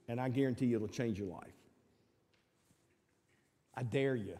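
A man's voice: moderate pace, long pauses. Emphatic preacher man in a reverberant church. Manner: emphatic, swings between loud appeals and low asides. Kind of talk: sermon with altar call. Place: church sanctuary.

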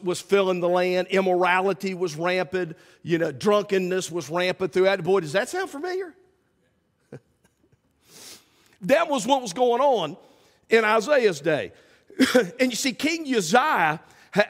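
A man preaching a sermon as pastor, swinging from loud calls to hushed asides. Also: high-pitched, animated, a little slow. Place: church sanctuary. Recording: church sanctuary with long reverb.

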